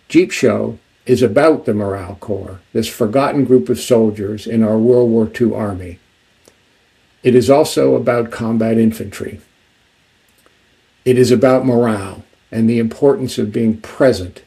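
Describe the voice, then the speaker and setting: Male author, measured delivery, dark gravelly voice. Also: lowish voice, poor audio. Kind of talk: book talk with reading.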